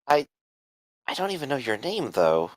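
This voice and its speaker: A man's voice: mid-range voice, huge pitch swings, no room sound, pitched above the performer's own voice, low-quality recording. A man voicing a humble, shy young village woman who stammers and halts. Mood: flustered. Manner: halting, stammering.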